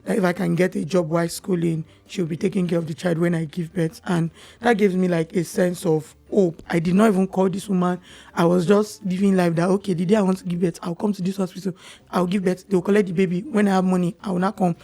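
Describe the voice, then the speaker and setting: A young Nigerian woman, a podcast guest, telling her personal story in a candid, animated way. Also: on the low side, fast talker, creaky.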